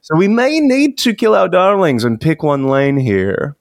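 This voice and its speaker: A man's voice: fairly high pitch, wildly swooping pitch, measured pace, creaky, no room sound, clean studio sound. A man co-hosting a comedy podcast in a casual, playful brainstorm, laughing often. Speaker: podcast co-host picking ideas.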